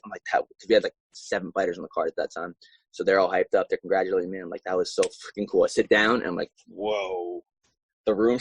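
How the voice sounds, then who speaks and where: A young man and professional fighter telling his story in a casual interview, animated and acting out his own past reactions. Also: sits low, slightly rough, dry recording, poor audio.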